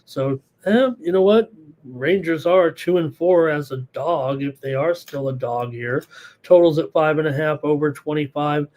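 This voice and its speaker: Male betting-show host, hoarse, slightly high voice, casual rambling live analysis. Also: a little slow, a little mellow. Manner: rambling, thinks aloud with fillers. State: hoarse, losing his voice.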